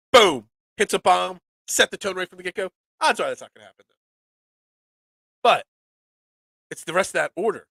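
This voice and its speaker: A fairly high, bright-voiced man with a stuffed-up nose, sounding nasal from a cold. He hosts a sports talk show in an excitable, rambling way, often doubling up his words. The recording is close and dry. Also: gravelly, dry recording. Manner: animated, excitable, repeats words. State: congested from a cold. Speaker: sports podcast host.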